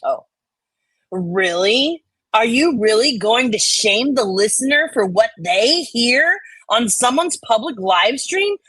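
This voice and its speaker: A woman's voice: on the high side, lively intonation, slow, a bit bright, husky, dry recording. A woman co-host in casual chat, answering comments with blunt, profane retorts.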